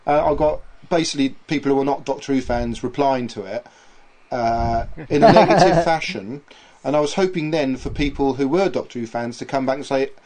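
Speaking briskly in a mid-range, darkish voice, this podcast host comes through on poor audio. He playfully reads out comments from listeners, frequently laughing and fumbling names.

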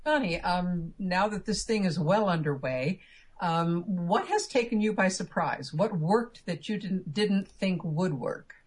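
A woman asks a guest questions in a friendly, chatty way. Her voice is fairly low with a husky edge. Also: a little slow. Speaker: podcast co-host. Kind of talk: casual interview.

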